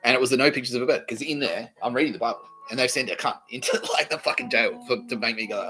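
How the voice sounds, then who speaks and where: A man hosting a podcast, rambling through a profane monologue that swings from low mutters to loud outbursts. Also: fast talker, faint music behind, poor audio. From Australia. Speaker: podcast host.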